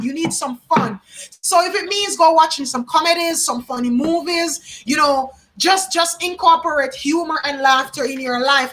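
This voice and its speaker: A woman's voice: high voice, pushed and bright. A woman from Jamaica, giving a live psychic card reading and musing aloud, often repeating names and phrases. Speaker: tarot card reader.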